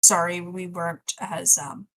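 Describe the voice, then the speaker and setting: A woman's voice: lowish voice, flat delivery, measured pace, fairly bright tone, slight background noise, poor audio. A woman playing a tabletop game, casual and playful as she describes her character's actions. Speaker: player.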